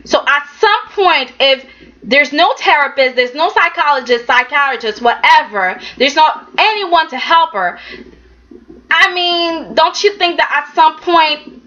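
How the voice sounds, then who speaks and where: Slow-talking, bright-voiced woman reviewer. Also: high-pitched, dull audio. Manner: chatty, emphatic, keeps saying "okay", acts out characters' lines. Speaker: soap opera reviewer. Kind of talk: casual recap commentary.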